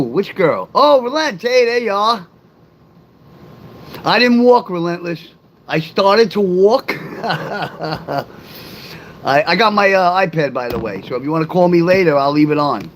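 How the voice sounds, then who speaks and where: A man's voice: a little high, big pitch swings, normal speed, slight background noise, low-quality recording. Rambling middle-aged man chatting with live viewers. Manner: rambling, talks straight to chat viewers; reads and answers live comments aloud. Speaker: livestreamer. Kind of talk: casual livestream chat.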